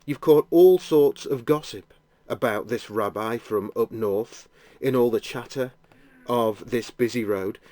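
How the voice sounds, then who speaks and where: Slow, gentle man guiding a prayer. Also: medium pitch. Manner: slow, gentle second-person storytelling. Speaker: prayer guide. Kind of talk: guided imaginative prayer narration.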